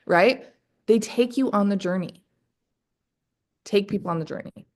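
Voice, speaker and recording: Peppy woman coaching a sales team. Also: on the low side. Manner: energetic, keeps calling the audience "you guys"; rapid rhetorical questions. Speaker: sales team leader training distributors. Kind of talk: motivational training call.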